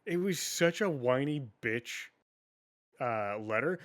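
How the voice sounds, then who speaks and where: A man's voice: fairly high pitch, very animated, slow, a bit bright. A man co-hosting a casual gaming news podcast, ranting with lots of swearing and frequent laughs. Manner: profane, ranting, laughs often. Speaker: podcast co-host.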